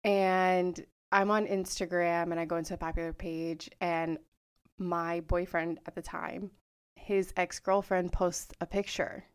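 A young woman co-hosting a casual podcast chat, quick to react and chime in. Her voice sits a little low for a woman. She tells her own story in an easy, conversational way. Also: little pitch movement, clear, resonant tone. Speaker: podcast co-host.

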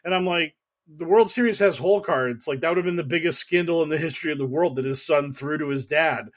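A man co-hosting a podcast, telling stories in animated casual chat, laughing and swearing freely. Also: on the high side, quick pace. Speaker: podcast co-host.

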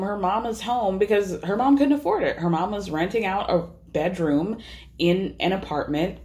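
Chatty young woman recapping a show. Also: mid-range voice. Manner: animated storytelling with voiced asides. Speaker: podcast host. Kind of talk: casual recap chat.

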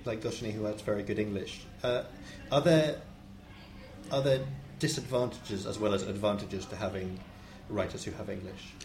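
A man's voice: lowish voice, steady tone, darkish tone, a little hiss or hum. A man interviewing, who halts and repeats words as he frames his questions. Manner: halting, repeats words while framing questions. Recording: roomy echo.

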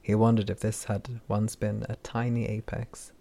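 A man narrating a fantasy audiobook in a measured, wry storytelling manner. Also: on the low side, level tone, gravelly, dark tone.

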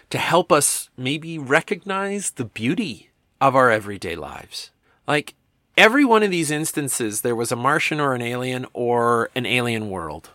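A man's voice: medium pitch, fairly bright tone, dry recording, studio quality. A man giving a reflective talk, reading comic captions aloud in a musing, amused way. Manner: musing, amused, with restarts and chuckles. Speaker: speaker discussing comics.

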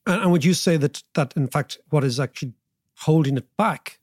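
A man's voice: fairly high pitch, moderate pace, dry recording, clean studio sound. A man hosting a podcast interview, asking long rambling questions full of asides and anecdotes. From Ireland. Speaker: podcast host.

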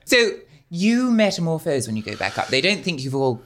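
Male podcast host, very lively intonation, polished, eager questions. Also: a little high, moderate pace. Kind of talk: casual podcast chat.

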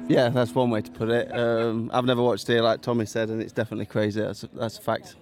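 A man answering a few quick questions in a laid-back way, outdoors at a race. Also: mid-range voice, level tone, a little mellow, soft background music. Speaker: interviewee at a race. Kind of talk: casual chat. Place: outdoors beside a road race.

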